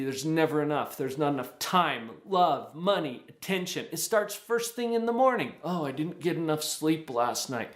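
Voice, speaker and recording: Man, motivational host, animated delivery, slightly high voice, echoey room. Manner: animated, acts out quoted voices. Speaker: show host. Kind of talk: motivational talk.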